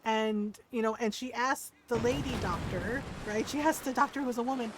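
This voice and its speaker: A woman's voice: on the high side, moderate pace, background noise. A woman streamer chatting casually with her live viewers, telling stories animatedly and often asking "right?". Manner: animated storyteller, tags sentences with "right?"; warm greetings to viewers by name. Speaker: variety streamer.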